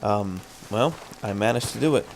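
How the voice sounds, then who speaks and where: A man's voice: lowish voice, animated, moderate pace, a little hiss or hum. A man streaming live gameplay, commentating, swearing a lot and laughing at his own frustration. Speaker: gaming streamer.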